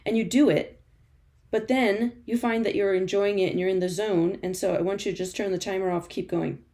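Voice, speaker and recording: A woman's voice: mid-range voice, steady tone, brisk, warm tone. A woman running a live-stream art journaling class from a studio, chatty and encouraging, laughing often and answering viewer comments as she works. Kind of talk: live-stream crafting demo.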